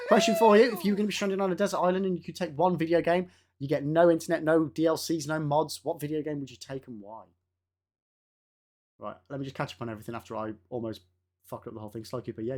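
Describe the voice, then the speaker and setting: A game streamer chatting casually with live viewers, laughing often and swearing now and then. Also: mid-range voice.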